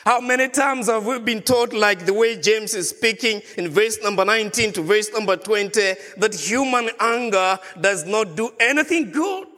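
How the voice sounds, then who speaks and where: A man's voice: high-pitched, normal speed, few pauses, pushed and bright, big-room sound. A man preaching a sermon as a pastor, asking the congregation question after question. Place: church.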